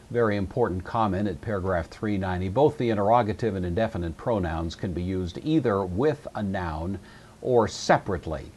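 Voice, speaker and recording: A man's voice: low voice, darkish tone, husky. A man teaching a grammar lesson, explaining patiently and methodically with frequent fillers. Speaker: Greek teacher. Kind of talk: recorded lecture.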